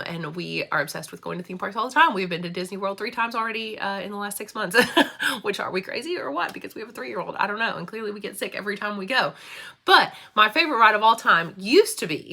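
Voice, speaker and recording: Bright-voiced chatty woman. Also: medium pitch, gravelly. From Kentucky, USA. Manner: chatty, laughs often, many fillers. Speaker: school librarian and book vlogger. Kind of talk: casual chat.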